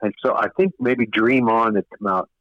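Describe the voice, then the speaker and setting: Older male producer guest, low pitch, meandering anecdotes, muffled lo-fi broadcast. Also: steady tone, moderate pace, no room sound. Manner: rambling, many fillers and restarts. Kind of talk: casual interview storytelling. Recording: dull lo-fi radio sound.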